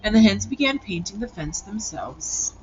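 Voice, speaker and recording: Woman reading a picture book, lively. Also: mid-range voice, moderate pace, slight background noise. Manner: lively, expressive reading with character voices. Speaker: storybook reader. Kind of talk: picture book read-aloud. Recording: dull lo-fi recording.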